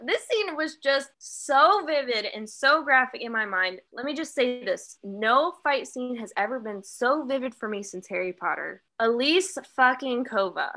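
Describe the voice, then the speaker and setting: A woman's voice: a little high, lively intonation, a little slow, hardly any pauses, pushed and bright. A young woman co-hosting a book podcast, casually recapping a novel with lots of swearing and laughter. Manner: profane, giggly, dramatic recapping. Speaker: podcast co-host.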